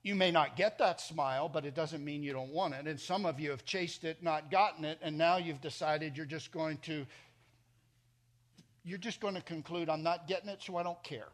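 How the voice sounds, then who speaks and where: A middle-aged man preaching a sermon in a church, emphatic, swinging between loud and soft. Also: a little high, moderate pace. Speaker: pastor.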